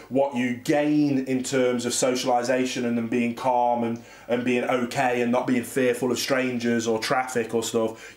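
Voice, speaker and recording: Rambling man in an echoey room. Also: mid-range voice. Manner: candid, rambling, frustrated venting. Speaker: dog trainer. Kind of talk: casual reflective vlog monologue. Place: home office. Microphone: camera across the room. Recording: roomy echo.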